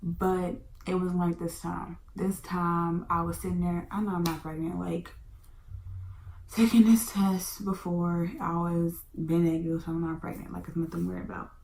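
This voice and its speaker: Young woman in her twenties, lowish voice, chatty storyteller who slips into whispers; room echo, faint hum. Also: brisk, gravelly, hardly any pauses. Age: 20s. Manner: chatty, animated, drops into whispers. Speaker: vlogger. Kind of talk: casual storytime.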